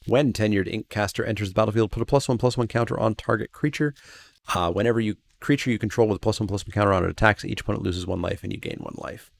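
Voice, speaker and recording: A man's voice: lowish voice, quick pace, vocal fry. A man hosting a channel, reading game card text aloud and then musing over each one with hedging asides in casual review commentary.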